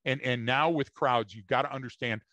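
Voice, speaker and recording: A man's voice: mid-range voice, brisk, sharp tone, dry recording, dull audio. A man co-hosting a podcast, telling stories in an emphatic, repetitive way in casual chat. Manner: emphatic, storytelling, repeats words. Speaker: podcast co-host.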